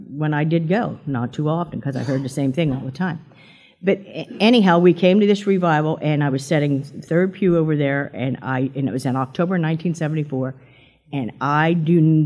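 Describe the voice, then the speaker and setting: A woman's voice: low voice, normal speed, darkish tone. Chatty older woman telling her testimony. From Pennsylvania. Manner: chatty storyteller, acts out quotes in a raised voice. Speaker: church member giving testimony. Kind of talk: personal testimony to a congregation.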